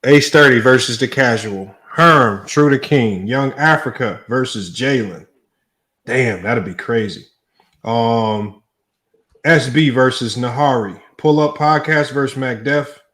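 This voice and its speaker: Male host, casual and slangy, reads matchups off a screen, average pitch. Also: a little slow. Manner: relaxed, slangy, thinks aloud. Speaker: debate show host. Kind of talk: casual livestream chat, reading out a list.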